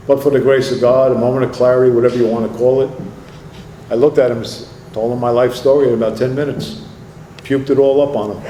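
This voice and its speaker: A man's voice: medium pitch, fast, warm tone, slight background noise. A man speaking at an AA meeting, telling his recovery story in a rambling, self-mocking way. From New Jersey. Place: meeting room. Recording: echoey meeting room.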